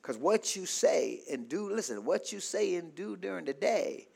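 A man with a very high voice preaches a sermon in call-and-response style. He keeps asking "what?" so the congregation fills in the word, and he moves between loud shouts and quiet murmurs. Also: animated, moderate pace, gravelly, slightly rough. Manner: call-and-response, asks the congregation to fill in words.

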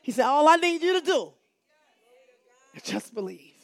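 A woman pastor preaching a sermon in call-and-response style, repeating phrases for emphasis and swinging between hushed lines and shouts. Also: sits high, sing-song, moderate pace, vocal fry, no echo, studio quality.

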